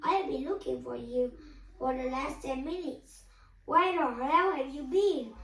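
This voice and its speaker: A woman's voice: high-pitched, a little slow, a bit bright. A woman reading a story aloud, voicing an impatient, scolding adult man who is a harried teacher. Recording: echoey room, voice from a distance.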